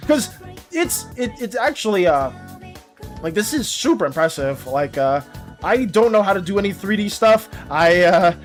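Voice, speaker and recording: A woman art streamer chatting casually on a live stream, excitable, laughing often and swearing. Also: mid-range voice, normal speed, faint music behind.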